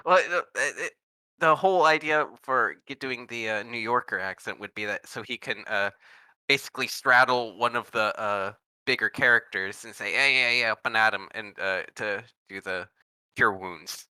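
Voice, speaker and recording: A man's voice: lowish voice, normal speed, sharp tone, clean tone, dry recording. A man chatting casually as a tabletop game player, telling a story with lots of fillers and restarts. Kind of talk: casual chat.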